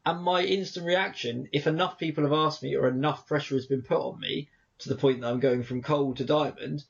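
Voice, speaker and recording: A man's voice: a little high, normal speed, creaky, a bit bright. Man musing in lo-fi podcast chat. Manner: reflective, rambling, acts out quoted exchanges. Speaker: podcast co-host. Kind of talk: casual chat. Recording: dull lo-fi podcast audio.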